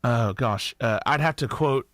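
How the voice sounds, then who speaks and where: A man's voice: mid-range voice, measured pace, a bit bright, no echo. A man co-hosting a radio show, joking and bantering playfully in the studio. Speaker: radio co-host.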